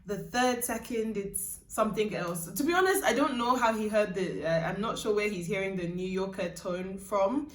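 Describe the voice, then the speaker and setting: A woman's voice: mid-range voice, moderate pace. A young woman vlogging in casual chat, her accent shifting between Nigerian and British, rambling and laughing often. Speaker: YouTuber. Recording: roomy, mic at a distance.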